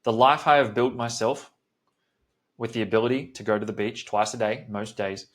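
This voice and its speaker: A man's voice: lowish voice, steady tone, moderate pace. A man hosting a solo podcast as a coach, talking bluntly and swearing often in a direct motivational pep talk.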